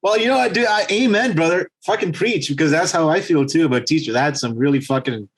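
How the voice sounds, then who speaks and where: A man co-hosting a podcast who tells stories in an animated, profane way during casual chat. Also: a little high, fast talker, breathy edge. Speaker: podcast co-host.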